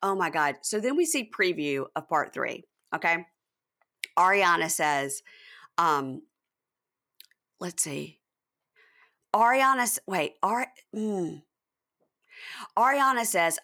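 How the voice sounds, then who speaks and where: A woman's voice: a little slow, long pauses. A woman podcast host in casual chat, animatedly recapping a reality show and acting out the cast's lines. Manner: animated, acts out cast quotes in high voices.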